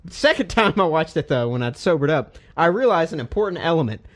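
A young man hosting a casual gaming chat, animated and profane, laughing often. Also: a little high, quick pace. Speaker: podcast host.

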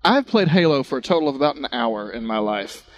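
A man's voice: medium pitch, expressive, fairly quick, poor audio. A man with a mid-range voice who teases his friends in a casual gaming chat. He speaks wryly and asks pointed questions. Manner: wry, teasing questions.

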